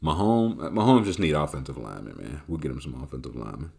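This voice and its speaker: A man hosts a podcast with a low, deep voice. He answers listener questions in a casual, joking, animated way. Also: fast, creaky, breathy edge. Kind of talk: casual chat.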